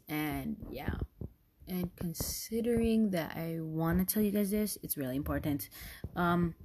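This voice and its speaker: Rambling young woman podcaster, low voice. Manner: rambling, animated, lots of fillers. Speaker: podcast host. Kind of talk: casual solo podcast chat.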